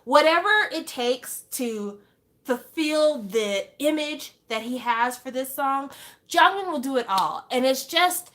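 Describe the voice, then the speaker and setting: A young woman in a casual fan monologue, her voice sitting a little high. She talks in an animated, exclaiming way and keeps firing off rhetorical questions. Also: slow pace. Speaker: fan vlogger.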